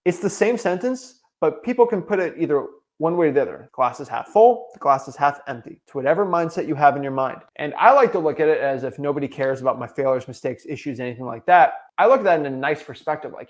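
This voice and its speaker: A man's voice: fairly high pitch, lively intonation, fast, hardly any pauses. A young man coaching real estate wholesalers, delivering an emphatic, repetitive motivational talk.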